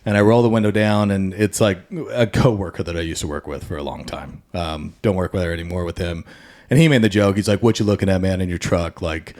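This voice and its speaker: A man's voice: sits low, fast talker, a little mellow. A man hosting a podcast, telling a rambling, casual story in a laid-back conversational way. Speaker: podcast host.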